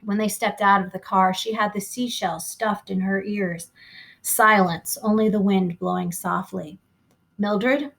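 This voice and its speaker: Woman reader, expressive novel read-aloud, slows on key phrases. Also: medium pitch, vocal fry.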